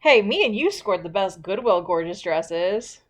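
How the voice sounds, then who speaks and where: A woman's voice: medium pitch, lively intonation, a little slow. A young woman co-hosting a book discussion, chatting casually and retelling stories by quoting what she and others said. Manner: chatty storyteller, quotes herself and others. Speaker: book-club co-host. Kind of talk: casual chat.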